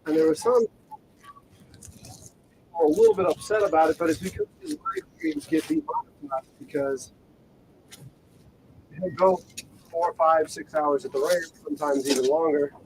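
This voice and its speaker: A man's voice: a little high, big pitch swings, normal speed, vocal fry, long pauses, darkish tone, poor audio. A man co-hosting a casual show, joking and laughing easily. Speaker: co-host. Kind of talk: casual chat. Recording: faint background noise.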